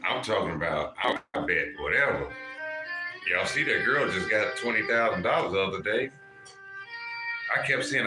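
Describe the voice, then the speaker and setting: A man talks to his livestream viewers in a low, animated voice, swearing freely as he speaks straight to them. His voice rings in an echoey room with music playing clearly behind him. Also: moderate pace. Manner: animated, profane, addresses chat viewers directly. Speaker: livestream host giving spiritual readings. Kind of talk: casual livestream talk to viewers.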